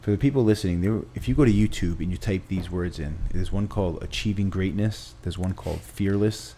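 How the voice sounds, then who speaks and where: A man's voice: deep voice, a little fast, mellow, slight background noise. A man, a trainer and gym owner, telling a long story in conversation, with restarts and acted quotes.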